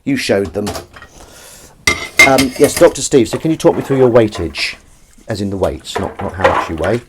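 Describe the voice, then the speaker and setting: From his kitchen sink, a man hosts a comedy livestream, washing up while he chats in casual banter and reads out viewer comments in a rambling, self-mocking way. His voice is on the low side at normal speed. Heavy background noise includes clinking dishes and running water.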